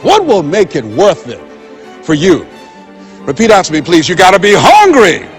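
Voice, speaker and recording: A man's voice: sits high, wildly swooping pitch, moderate pace, soft background music. A man giving a motivational speech, telling stories and acting out dialogue with emphatic, preacher-like repetition. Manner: storytelling, acting out quoted dialogue. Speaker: motivational speaker.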